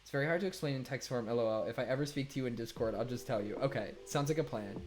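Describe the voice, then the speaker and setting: A man's voice: mid-range voice, racing, a little hiss or hum. A young man streaming live, reading viewer messages aloud and chatting casually, laughing often and swearing freely. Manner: laughs often, loose and swearing, voice swings from loud to mumbled. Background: faint music.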